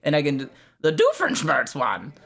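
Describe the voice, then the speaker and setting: A man's voice: a little high, wildly swooping pitch, moderate pace, gravelly, a bit bright. A man hosting a podcast in an upbeat, joking way. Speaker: podcast host. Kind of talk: casual podcast chat.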